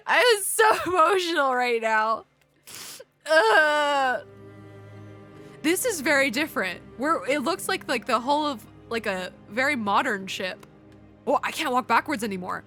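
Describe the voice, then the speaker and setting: A woman streaming a game and talking through it live, with a very high voice that has a bright, forceful edge. She reacts out loud in an emotional, exclamatory way. Soft game music plays underneath. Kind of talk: live gameplay commentary. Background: faint game music.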